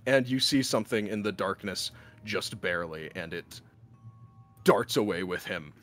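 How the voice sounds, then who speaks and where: Narrating a tabletop game as game master at a moderate pace, this man is lively and animated. He jumps into loud, high voices whenever the townsfolk speak.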